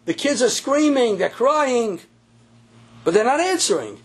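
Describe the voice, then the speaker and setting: A man telling a story in a sermon, animated and repeating phrases for emphasis. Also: very high voice, unhurried, breathy edge. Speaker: religious teacher.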